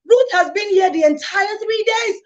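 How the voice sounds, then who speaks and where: A woman's voice: very high-pitched, normal speed, noisy background. A woman hosting a live-streamed conference with exuberant energy, hyping the crowd and repeating phrases. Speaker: conference host. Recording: dull lo-fi sound.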